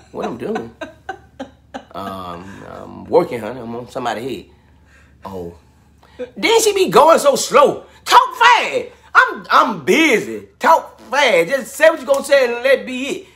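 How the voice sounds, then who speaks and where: A man bantering with his wife as co-host, animated and joking. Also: very high voice. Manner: animated, joking, Southern US vernacular. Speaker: co-host, husband. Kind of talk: casual banter.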